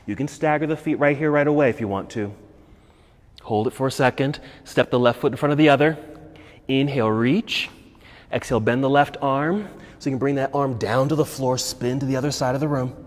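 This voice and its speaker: An American man leading a yoga class, giving calm step-by-step cues for poses and breath. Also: mid-range voice, fairly quick, big-room sound. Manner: calm instructive cueing, breath counts. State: slightly out of breath. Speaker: yoga instructor. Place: yoga studio.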